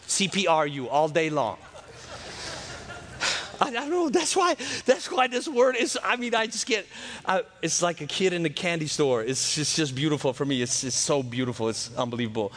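High-voiced animated preacher. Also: male voice, moderate pace. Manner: animated, swings between loud and hushed, acts out voices. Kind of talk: lively sermon.

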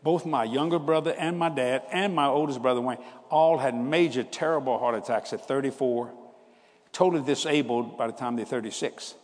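A man's voice: mid-range voice, moderate pace, in a large hall. A man in his seventies preaching a sermon, telling family stories in a folksy, conversational way and laughing at his own tales. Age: 70s. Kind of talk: storytelling sermon.

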